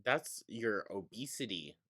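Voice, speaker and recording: A sarcastic reaction host with a bright, forceful edge to the voice and an unhurried, drawn-out delivery. The remarks are snarky, mocking and sprinkled with profanity. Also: mid-range voice, animated. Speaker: commentary host.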